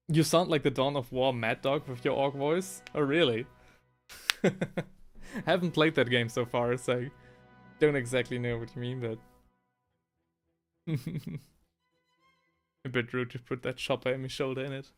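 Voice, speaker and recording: A man hosts a casual live hobby stream, painting miniatures and reading viewer messages aloud while rambling and often restarting mid-sentence. His mid-range voice is fairly even, unhurried and fairly bright, with frequent pauses, and he uses headphones with a desk mic over faint background music.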